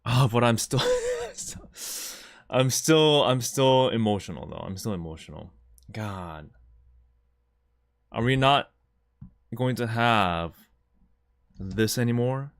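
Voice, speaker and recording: A man talks through a live stream reaction with a lively, swinging pitch. He stammers and repeats himself as the feelings catch up with him. The mic is close and the sound is dry. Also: takes it slowly, pauses often, clean tone, no room sound. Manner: emotional, stammering, repeats words.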